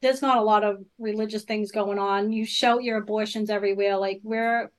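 A woman's voice: medium pitch, fairly even intonation, moderate pace, low-quality recording. Earnest woman sharing her testimony. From Boston area. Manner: earnest, storytelling, frequent fillers. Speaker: podcast guest. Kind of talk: personal testimony in casual interview.

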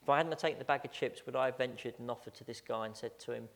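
A man's voice: medium pitch, very fast. A man preaching a storytelling sermon as pastor, chatty and self-mocking, often stammering out repeated words. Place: church sanctuary. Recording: long church-hall reverb.

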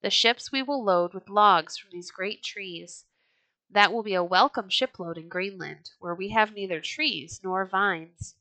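A woman's voice: mid-range voice, unhurried, pushed and bright, dry recording. A woman reading the part of Leif, a bold young Norse leader, in a storybook. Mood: firm. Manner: firm and earnest storybook delivery.

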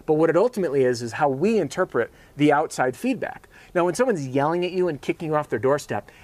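A man hosting a sales training show, giving an energetic, casual motivational talk. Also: fairly high pitch, quick pace, dry recording.

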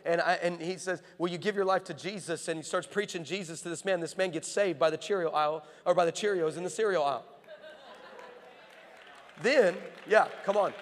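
A man preaching a sermon, telling stories and building to fervent, repeated calls. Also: high voice. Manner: builds to impassioned shouting, rhythmic repetition. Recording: long hall reverb.

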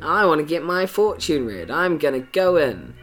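A podcast co-host joking and teasing through casual, quick-witted banter. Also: mid-range voice, sing-song, a bit bright, faint music behind.

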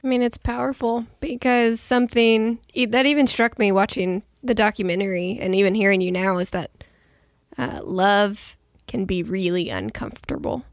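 A woman co-hosting a podcast, responding in a reflective, measured way. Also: on the high side, little pitch movement, dry recording, studio quality. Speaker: podcast co-host. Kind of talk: casual conversation.

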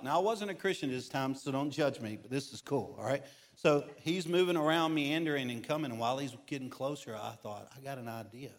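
A middle-aged man preaching as a guest pastor in a church, telling funny personal stories with big swings in pitch and loudness.

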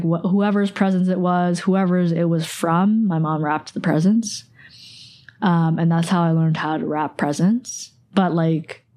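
A woman's voice: on the low side, mellow. A young woman in her twenties hosting a podcast, sharing a personal recollection in a casual, rambling way with lots of "like". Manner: casual, rambling, heavy use of "like". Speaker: podcast host.

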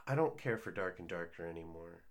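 A man co-hosting a casual podcast, joking and sarcastic, often trailing off quietly. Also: deep voice. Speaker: co-host.

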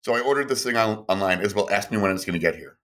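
A man co-hosting a casual podcast, telling stories in a rambling, animated way with lots of fillers and laughs. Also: on the low side, very fast. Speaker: podcast co-host.

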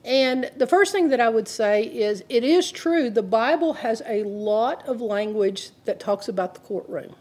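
A woman's voice: a little high, lively intonation, measured pace, hardly any pauses, darkish tone. A woman, telling a story in an earnest, conversational sermon. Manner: earnest, retells the story with quoted dialogue. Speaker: Christian teacher.

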